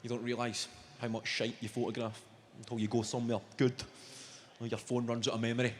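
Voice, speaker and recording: A man's voice: medium pitch, completely flat delivery, fairly quick, background noise. A young Scottish man performing a brash, sweary stand-up routine, telling stories on a theatre stage into a handheld mic. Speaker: stand-up comedian. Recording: roomy venue, loud audience laughter.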